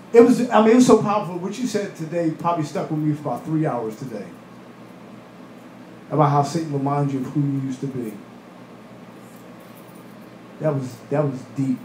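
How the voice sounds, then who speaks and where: A male pastor with a high, bright voice delivers an animated sermon. He slips into acted voices and laughing asides. The sound carries a roomy church echo with faint ambience behind it. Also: a little hiss or hum. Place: church hall.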